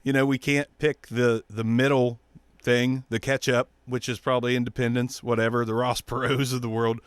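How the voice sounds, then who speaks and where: A man hosting his own show, ranting bluntly about politics with heavy swearing and mocking, squeaky impressions of other people. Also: level tone, normal speed, clean tone, no echo. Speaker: show host. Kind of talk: profane political rant.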